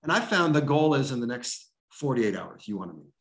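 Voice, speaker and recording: Earnest, animated man with roomy echo. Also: medium pitch, fairly quick. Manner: earnest, animated, acts out dialogue. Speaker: pastor. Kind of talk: interview answers, storytelling.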